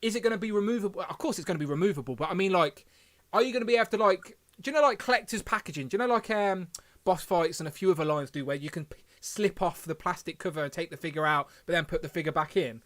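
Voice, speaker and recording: A man's voice: high voice, quick pace, fairly bright tone. A man hosting a casual livestream, rambling and correcting himself as he reads the chat aloud. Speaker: podcast host.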